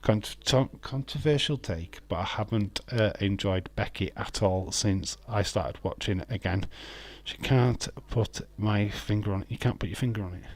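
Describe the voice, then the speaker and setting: A man's voice: fairly low pitch, normal speed, hardly any pauses. A man hosting a casual live stream, chatting loosely, laughing often and answering viewers' comments. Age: adult with children.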